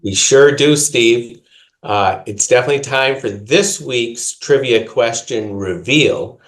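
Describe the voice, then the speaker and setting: A man with a Minnesota accent, co-hosting a podcast and explaining a segment with careful, measured enunciation. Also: mid-range voice. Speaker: podcast co-host.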